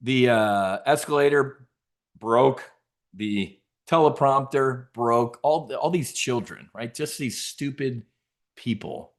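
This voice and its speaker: A middle-aged man hosts a trading show, speaking slowly at a medium pitch. His market commentary is brash and profane, and he mocks the people he quotes.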